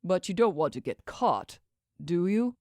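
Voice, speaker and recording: A man's voice: high voice, very animated, measured pace, darkish tone, no echo, clean studio sound. A woman voicing a cold, guarded wealthy young man who speaks in curt, clipped replies, in a storybook reading.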